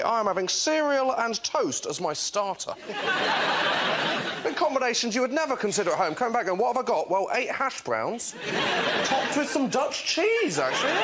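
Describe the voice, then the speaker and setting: A man doing a stand-up routine in an excitable way, gleefully listing absurd excess. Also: extremely high pitch. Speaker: stand-up comedian. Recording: live studio with noise.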